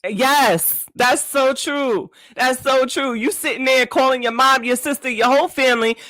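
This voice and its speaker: A woman's voice: high voice, moderate pace, a bit bright, dry recording, poor audio. A woman hosting a podcast, chatting casually in slang, laughing often and reading out multiple-choice questions to her guest. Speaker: podcast host. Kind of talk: casual interview chat.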